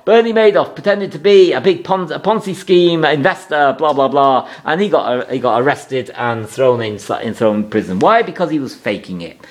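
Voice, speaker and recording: Animated, emphatic male astrologer. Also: a little high. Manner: emphatic, repetitive, moralizing. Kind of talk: astrology forecast monologue.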